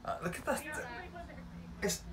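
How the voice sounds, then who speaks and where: A man's voice: measured pace, a loud crowd. A man vlogging a family day out, joking and chuckling at his own lines as he films. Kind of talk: casual vlog chat. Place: outdoors at a park and in a car.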